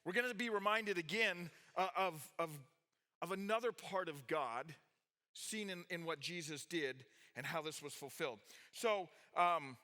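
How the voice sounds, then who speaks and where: A man leading a sermon with a high, bright voice. He reads scripture, breaks off to explain, and asks his listeners questions, restarting his sentences as he goes. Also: unhurried. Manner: animated, with restarts, questions to the audience. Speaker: pastor teaching a youth group. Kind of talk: sermon with Bible reading.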